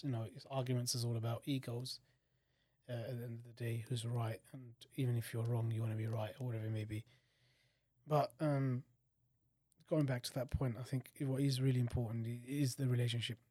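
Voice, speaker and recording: A man talks in a relaxed podcast chat. He explains his points in a measured, reflective way. His middle-pitched voice is recorded close and dry. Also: no room sound. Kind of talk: casual chat.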